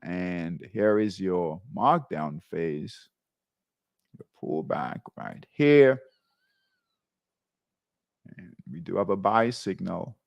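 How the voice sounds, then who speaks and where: A male trading host talks slowly, with a gravelly edge. His pitch moves in a lively way as he points out chart setups and checks in with viewers. The recording is dry and close. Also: no room sound, highs cut off. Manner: repeats tags like "right?" and "okay?" while pointing at charts. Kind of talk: live chart walkthrough.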